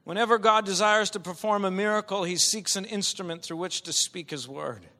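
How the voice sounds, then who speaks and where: A male preacher delivering an impassioned sermon, swinging from quiet talk to shouting. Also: high voice, brisk. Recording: long hall reverb.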